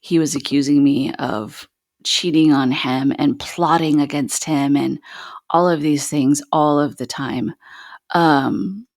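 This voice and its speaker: A woman's voice: deep voice, steady tone, takes it slowly, a little mellow, no room sound, studio quality. A woman, a podcast host in the guest seat, candidly telling her own painful story in an earnest, raw way, with many "like"s and "um"s.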